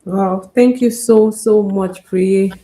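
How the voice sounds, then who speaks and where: A woman hosting a live-stream interview, thanking her guest warmly and at length. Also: medium pitch, fairly even intonation, slow. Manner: gushing, thankful. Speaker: host.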